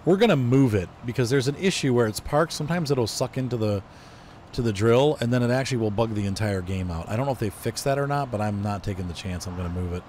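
A man's voice: medium pitch, fast, darkish tone, a little hiss or hum. A man with a congested, stuffy voice, chatting casually and thinking aloud as he streams a game. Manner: rambling, thinks aloud while driving, self-corrects. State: congested from allergies. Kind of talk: casual gameplay commentary.

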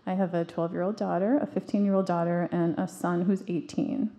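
A woman's voice: fairly low pitch, steady tone, a little fast, mellow. A woman in her forties giving an earnest, emphatic talk to an audience, telling stories from her own life with frequent restarts. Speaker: parenting speaker.

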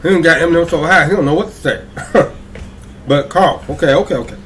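Fairly high in pitch and a bit bright, this YouTube reaction host talks fairly quickly in a chatty way, repeatedly checking in with his audience. There is slight background noise.

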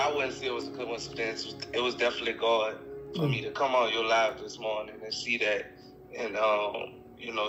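A man with a New Orleans accent calling in to a livestream, earnest and halting. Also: medium pitch, poor audio. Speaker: caller on a livestream.

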